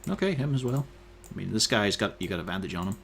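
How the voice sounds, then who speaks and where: Lively low-voiced man running a tabletop game. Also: fast talker, gravelly, slight background noise. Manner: casual, swearing, laughing between calls. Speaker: dungeon master.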